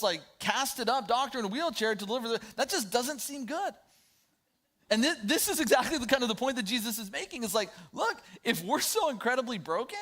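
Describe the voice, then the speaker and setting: A man's voice: sits high, fairly bright tone. A man in his thirties preaching a sermon in a conversational way, with storytelling asides. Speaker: pastor.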